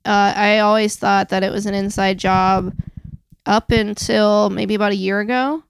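A woman's voice: medium pitch, level tone, gravelly, clear, resonant tone, dry recording. Hesitant woman podcast co-host. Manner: hesitant, halting, many fillers. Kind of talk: casual chat.

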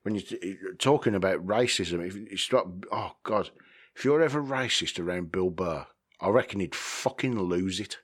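A man's voice: sits low, normal speed, husky. Rambling man, swearing podcaster. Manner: rambling, swears freely, chuckles often. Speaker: podcast host. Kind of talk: rambling casual monologue.

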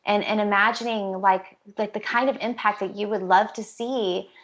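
Speaking at normal speed in a mid-range, fairly even voice, the woman trainer chats earnestly as a podcast guest in a casual interview. She comes across as warm, with frequent "like" and "you know" fillers.

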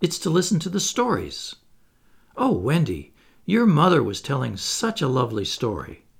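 A man with a gravelly, husky voice voicing an eager, boastful boy who can fly, in a storybook reading. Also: mid-range voice, normal speed, exaggerated voice. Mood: coaxing. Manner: lively, coaxing.

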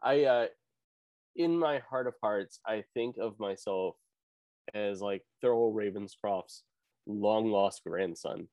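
A man's voice: lowish voice, slow pace, darkish tone, dry recording. A man hosting a podcast, chatting casually and playfully with his co-hosts. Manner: playful, theatrical intro voice. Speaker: podcast host.

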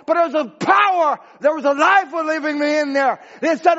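A man preaching a sermon as pastor, impassioned and rising to shouts, with broken grammar. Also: very high voice, normal speed, hardly any pauses, muffled recording.

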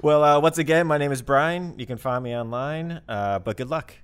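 A man's voice: on the high side, moderate pace, smooth. A man hosting a podcast in casual chat, upbeat and laughing as he talks. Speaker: podcast host. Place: room above a comic shop.

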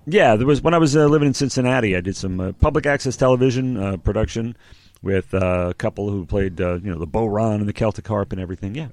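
A man's voice: on the low side, fast, darkish tone, no room sound. A man co-hosting a music podcast in a casual, joking, meandering way with lots of fillers. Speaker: podcast co-host. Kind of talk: casual chat.

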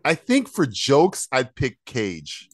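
A man co-hosting a podcast in casual chat, animated, swearing freely and laughing often. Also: medium pitch, slow, no room sound, clean studio sound. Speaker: podcast co-host.

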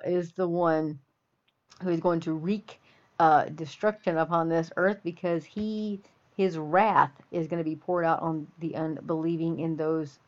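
A woman from the Texas Panhandle, hosting an opinionated monologue with a folksy, preachy and emphatic delivery. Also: on the low side. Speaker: podcast host. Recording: dull lo-fi audio.

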